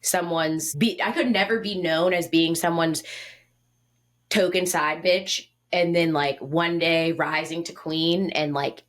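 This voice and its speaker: A woman's voice: low voice, steady tone, a little slow. A woman in her twenties co-hosting a podcast in casual chat, blunt and wry in how she puts things. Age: 20s. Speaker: podcast co-host.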